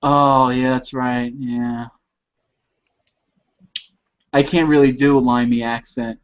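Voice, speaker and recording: A man's voice: medium pitch, level tone, slow, pauses often, clear, resonant tone. A man teasing and joking in a casual group chat over a video call. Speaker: participant in an online chat. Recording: muffled video call audio.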